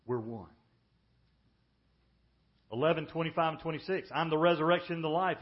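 A man preaching a sermon as pastor, emphatic, often dropping to a hushed, slow delivery for weight. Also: fairly high pitch. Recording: dull lo-fi sermon audio.

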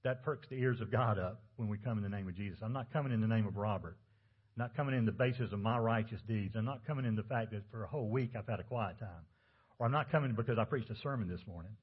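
A man's voice: fairly low pitch, quick pace, husky, narrow, tinny audio. A man preaching a sermon as pastor, talking conversationally and asking the congregation rhetorical questions.

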